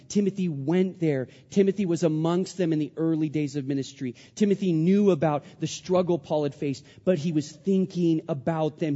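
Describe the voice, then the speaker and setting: A man in his thirties, a pastor preaching a sermon, animated and then hushed as he tells a story. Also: high voice. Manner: animated preaching, drops to a hush for stories. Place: church hall. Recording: dull sound with long hall reverb.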